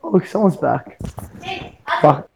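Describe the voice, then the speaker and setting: A man's voice: on the high side, lively intonation, measured pace, creaky, background noise. A man hosting a casual podcast chat, telling stories in a rambling way with many fillers and constant swearing. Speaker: podcast host.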